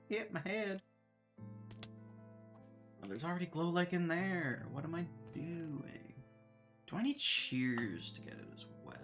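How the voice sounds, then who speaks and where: A man's voice: mid-range voice, gravelly. A man streaming a game, chatting in a rambling, self-deprecating way and laughing often. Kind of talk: casual chat while gaming.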